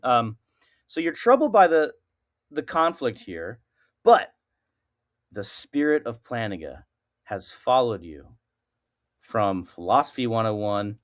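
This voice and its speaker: A man's voice: medium pitch, big pitch swings, takes it slowly, pauses often. A man who is a podcast guest, explaining a philosophical argument step by step. He thinks aloud, uses many fillers, and keeps checking in with "right?".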